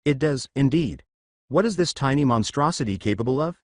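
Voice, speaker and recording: A man's voice: mid-range voice, animated, brisk, no room sound, studio quality, lightly acted. A man voicing a blunt former soldier turned teacher, curt and matter-of-fact.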